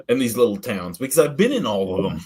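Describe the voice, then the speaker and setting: A man's voice: medium pitch, very animated, normal speed, a little mellow, husky. A middle-aged man from the Ottawa Valley, hosting a casual live-stream chat and telling blunt, profane stories with frequent laughs. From Ottawa Valley, Canada. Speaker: podcast host.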